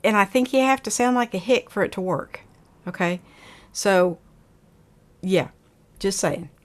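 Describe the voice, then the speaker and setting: A woman's voice: medium pitch, measured pace. A woman hosting a casual live stream, reading viewer comments aloud and chatting with a laugh. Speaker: livestream host reading chat.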